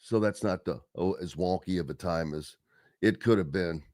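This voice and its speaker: A man's voice: low voice, moderate pace, darkish tone, no room sound, clean studio sound. A man hosting a sports talk radio show, chatting casually in a rambling way and reading listener comments aloud.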